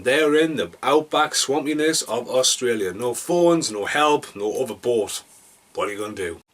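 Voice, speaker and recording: A man's voice: medium pitch, a bit bright. A man from Britain reviewing a movie casually, rambling and self-deprecating, with jokey asides and mumbled mutters.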